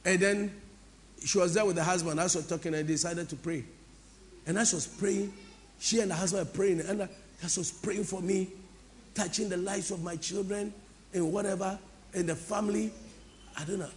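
A woman pastor from Ghana, preaching a sermon to a congregation in an impassioned, repetitive, sing-song way that swings between soft and loud. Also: on the low side, moderate pace, a little hiss or hum. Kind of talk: preaching a sermon with call-and-response. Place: church before a congregation.

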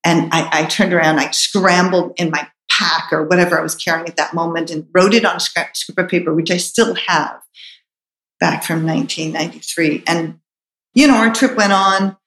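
A woman's voice: on the low side, steady tone, normal speed, fairly bright tone, roomy sound, low-quality recording. A middle-aged woman telling a personal story in a reflective, earnest way, with hesitant restarts.

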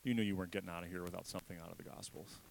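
Low-voiced man preaching with emphatic repetition. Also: steady tone, very fast, vocal fry, a little hiss or hum, low-quality recording. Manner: emphatic, repetitive, swings from loud to hushed. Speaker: pastor. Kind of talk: sermon.

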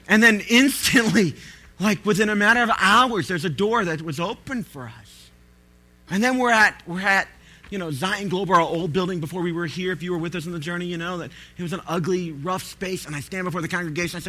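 A man, a pastor, preaching a sermon and telling stories with animated, loud bursts of pleading. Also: high-pitched, fast talker.

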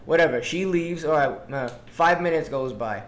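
A man's voice: fairly high pitch, normal speed, roomy sound, slight background noise. Young man telling a rowdy story. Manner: animated, swears freely, slangy. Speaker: teacher. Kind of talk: casual storytelling chat.

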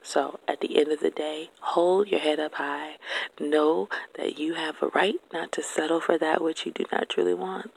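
A soft, largely whispered voice with a heavy gravelly fry and a husky grain. The speaker talks earnestly and directly to viewers, offering faith-based encouragement and checking in with a gentle "okay?". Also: medium pitch, fairly even intonation, normal speed, rough recording. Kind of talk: encouraging personal talk to viewers.

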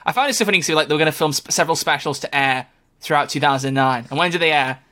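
A man co-hosting a podcast, talking in quick, teasing casual chat. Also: fairly high pitch, bright, forceful tone. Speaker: podcast co-host.

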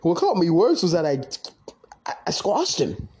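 A young man telling stories from his own past in a casual, profane, excitable monologue. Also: a little high, normal speed. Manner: profane, excitable, quotes others in animated voices. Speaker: podcast host recounting his online wrestling league career.

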